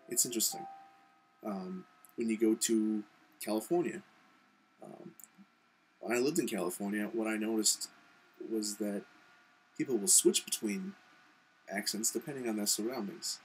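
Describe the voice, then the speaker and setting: A man's voice: fairly low pitch, moderate pace, long pauses, faint music behind, rough recording. A young man from Montana talking casually to his camera in a reply vlog, rambling with lots of ums and you-knows. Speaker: video blogger.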